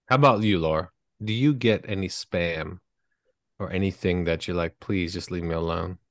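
A man's voice: low voice, normal speed, dry recording, clean studio sound. A man hosting a casual podcast chat, teasing and steering the talk between guests. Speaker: podcast host.

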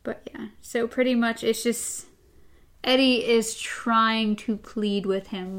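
A woman's voice: fairly high pitch, steady tone, takes it slowly, a bit bright. A woman hosting a casual book discussion, joking and laughing with her co-host. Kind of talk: casual chat and reading aloud.

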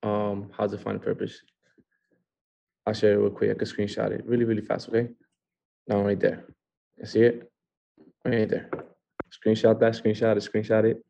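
A low, gravelly man leads a live online training call, speaking in an upbeat way. He stays flat in tone and doubles up his words for emphasis. His voice is dark and mellow, heard over a video call from a home. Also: normal speed, long pauses, lo-fi sound, slight background noise. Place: a home in California.

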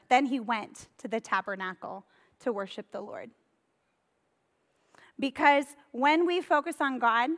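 A woman pastor preaches with a fairly high voice, telling Bible stories in a casual, conversational way. Her words trail off into the long reverb of a church hall. She brings the stories to life with animated retellings. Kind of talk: sermon.

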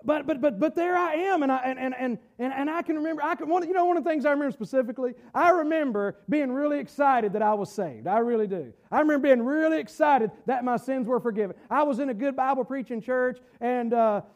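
A man, preaching a fervent sermon with halting restarts and shouted bursts. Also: extremely high pitch, dull audio. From Southern United States. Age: 40s. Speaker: pastor.

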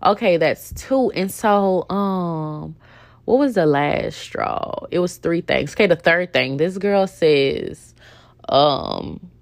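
A woman's voice: on the low side, slow pace, gravelly. A young woman hosting a podcast, telling a personal work story in a candid, indignant, chatty way with lots of fillers. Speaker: podcast host. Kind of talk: casual storytelling monologue.

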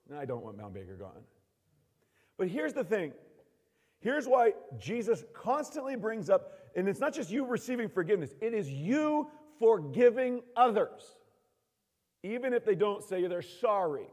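A man preaching a sermon in a church hall. He acts out quotes and swings from shouting to hushed asides. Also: high-pitched, sing-song, moderate pace. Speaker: pastor. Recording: long hall reverb.

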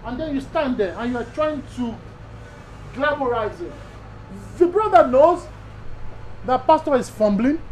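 A man's voice: very high voice, expressive, unhurried, pauses often, faint music behind, low-quality recording. A man from Nigeria with a Nigerian accent, a pastor giving an emphatic teaching sermon to other pastors, repeating key phrases and asking rhetorical questions.

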